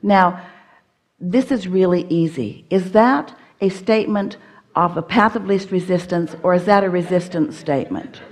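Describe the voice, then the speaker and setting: A woman's voice: lowish voice, moderate pace. A woman teaching at a live seminar, speaking as "we" and coaching an audience member step by step in a firm, playful manner.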